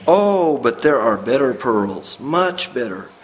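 A man reading the part of an old male pearl diver, speaking in halting, simple phrases. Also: mid-range voice, sing-song, rough recording. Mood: earnest.

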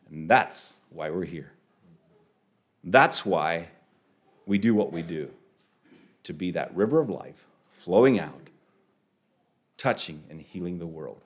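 A man preaching a sermon, halting and repeating words, rising sharply on key phrases. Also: lowish voice.

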